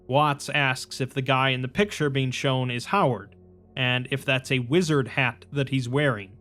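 Male narrator, slightly high voice, matter-of-fact scripted retelling, faint music bed. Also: a bit bright. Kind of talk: scripted narration summarizing a story.

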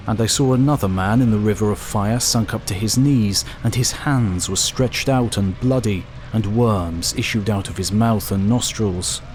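A man giving a scripted reading of archaic scripture in a slow, solemn manner. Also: on the low side, a little mellow, a little hiss or hum. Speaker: reader.

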